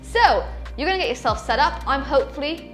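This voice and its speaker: A woman's voice: sits high, animated, a little fast, a bit bright, soft background music. A young woman guiding a yoga class, soothing and affectionate with her listeners. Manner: soothing, affectionate, calls viewers "my loves". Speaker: yoga instructor.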